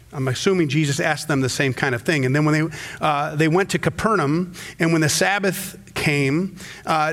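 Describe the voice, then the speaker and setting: With a fairly bright tone, a middle-aged pastor delivers a church sermon. He tells stories and performs quotes marked by abrupt leaps in pitch.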